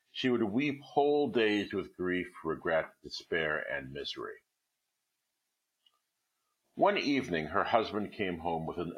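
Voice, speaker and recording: A man reading a classic short story aloud with expressive literary narration. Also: deep voice, lo-fi sound.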